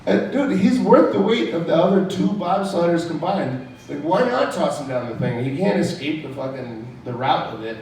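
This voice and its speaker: A man's voice: a little high, expressive, moderate pace, few pauses, a little mellow, slight background noise. A man doing a crude, rambling stand-up comedy set on a club stage, chuckling at his own jokes. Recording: very echoey room, from far off.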